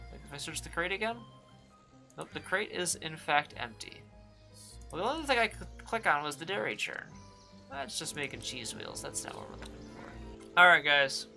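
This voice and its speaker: A man's voice: fairly high pitch, bright, forceful tone. A man doing casual let's-play commentary, joking and exasperated. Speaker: gaming YouTuber.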